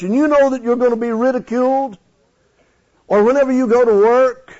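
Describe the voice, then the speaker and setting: A man preaching a folksy, animated sermon in church, questioning his congregation. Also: very high-pitched, moderate pace. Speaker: pastor. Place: church sanctuary. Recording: dull lo-fi sound.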